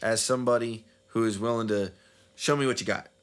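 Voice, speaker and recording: A man's voice: mid-range voice, steady tone, a little fast, clean tone. A man co-hosting a podcast, talking loosely and swearing casually as he trails off and restarts. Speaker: podcast co-host. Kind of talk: casual chat. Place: recording studio.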